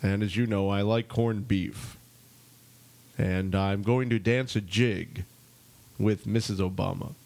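A man doing a clumsy mock-Irish president at a press conference, halting and hesitant. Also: lowish voice, steady tone, vocal fry, darkish tone. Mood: jokey.

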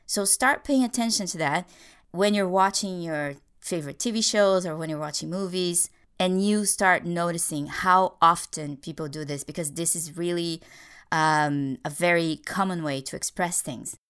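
A woman's voice: on the low side, moderate pace, a bit bright, clear, resonant tone. A woman hosting a podcast English lesson, explaining grammar with little acted stories, speaking English as a Portuguese speaker. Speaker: English teacher, podcast host.

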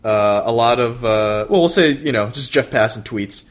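A man co-hosting a podcast, talking baseball in a relaxed, chatty way with plenty of fillers and restarts. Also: medium pitch, normal speed. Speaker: podcast co-host. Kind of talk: casual baseball chat.

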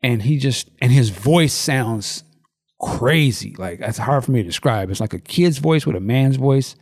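A man chatting casually on a podcast. He tells the story in an animated, profane way, jumping into the characters' voices as he goes. His voice sits at an ordinary middle pitch. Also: a little slow. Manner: animated, profane storytelling with acted-out quotes and laughs. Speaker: podcast co-host. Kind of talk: casual chat retelling a movie.

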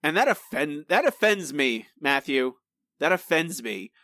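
A man co-hosting a podcast in casual chat, animated and teasing with mock indignation. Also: fairly high pitch, unhurried, dry recording, clean studio sound. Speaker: podcast co-host.

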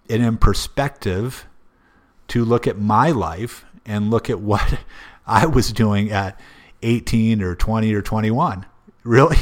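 A man, a parent, giving casual motivational advice, earnest and repetitive, asking lots of rhetorical questions. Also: medium pitch.

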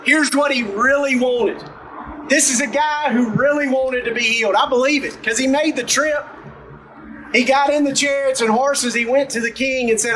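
A man with a strikingly high voice delivers a casual, animated sermon, acting out the story's characters as he goes. He sounds set back from the microphone, with a faint hum of room ambience behind him. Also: moderate pace, far from the mic, poor audio. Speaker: pastor.

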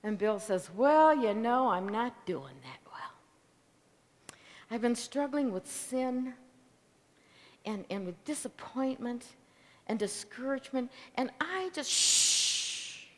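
A woman preaching a sermon as a story, swinging between loud declarations and hushed whispers. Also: a little high, animated, slow pace. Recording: long reverb of a large hall.

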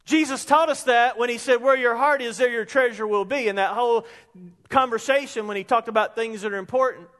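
High-voiced pastor in a reverberant hall. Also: male voice, brisk. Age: 50s. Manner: animated preaching, builds to shouts on quotes. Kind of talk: sermon. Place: church sanctuary. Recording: long reverb of a large hall.

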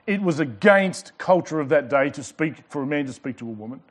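A male pastor preaching a sermon to a church congregation. He swings between loud emphasis and quiet passages, with light joking asides. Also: on the high side, expressive, a little fast. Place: church service before a congregation.

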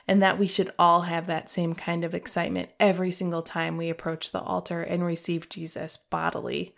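A woman's voice: on the low side, gravelly. A middle-aged woman hosting a podcast, telling a personal faith story in a heartfelt way, emotional at times and laughing through tears. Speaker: podcast host.

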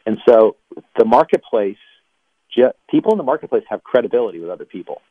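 A man, a former pastor, being interviewed on the radio and telling animated stories, laughing between lines. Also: mid-range voice, fast, no echo. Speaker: ministry guest, former pastor. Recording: dry tinny phone line.

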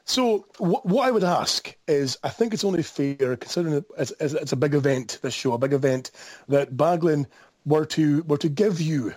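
A man's voice: a little high, animated, normal speed, a little mellow, no room sound. A man with a Scottish accent calling into a podcast from a mobile phone, teasing, mock-outraged and laughing often. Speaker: caller. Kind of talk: comedic call-in banter.

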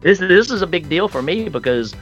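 A man guesting on a podcast, rambling and joking in a relaxed, casual way. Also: sits high, brisk, muffled recording, soft background music.

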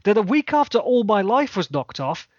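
High-voiced podcast host, dry mic. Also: male voice, very animated, moderate pace, darkish tone, dry recording, lo-fi sound. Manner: enthusiastic, jokey, reeling off long lists. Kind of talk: casual chat.

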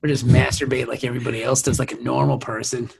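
A man's voice: mid-range voice, little pitch movement, quick pace, vocal fry, crowd noise. A man hosting a podcast, chatting crudely and laughing often with his co-hosts. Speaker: podcast host. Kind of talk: casual chat.

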